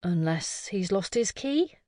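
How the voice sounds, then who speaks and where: A woman voicing a shrewd, observant younger woman who speaks in a thoughtful, deliberate way. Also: medium pitch, big pitch swings, mellow, no room sound, clean studio sound.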